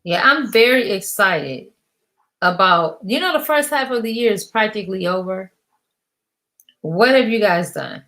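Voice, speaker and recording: Brief: middle-aged woman business coach, emphatic, slangy, preachy, mid-pitched. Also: lively intonation, a little slow, pushed and bright. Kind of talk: motivational rant to camera.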